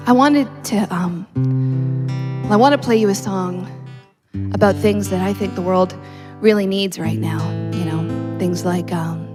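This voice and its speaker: A woman doing a musical comedy set with deadpan, self-mocking asides as she introduces her songs. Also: medium pitch. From Canada. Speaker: comedy singer. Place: stage filmed without audience. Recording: with guitar music behind. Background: acoustic guitar.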